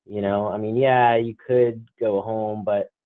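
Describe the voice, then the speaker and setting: A man with a New Jersey accent co-hosts a casual podcast from a hotel room, chatting away with heavy use of "like." His voice is fairly low, flat, and unhurried. The audio is dry and tinny, like a phone line, with no room sound.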